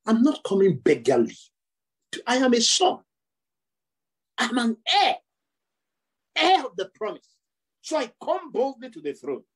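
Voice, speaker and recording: A man preaching a sermon, piling up rhetorical questions and repeated phrases with slow, drawn-out emphasis. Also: high-pitched, wildly swooping pitch, husky, rough recording.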